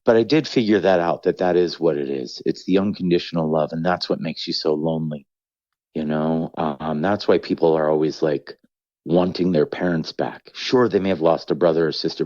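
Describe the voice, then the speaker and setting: Low-voiced middle-aged male comedian, candid and rambling, dry dull recording. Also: fairly quick, a little mellow, dry recording. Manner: reflective, rambling, acts out quoted voices. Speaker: comedian guest. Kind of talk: candid podcast conversation.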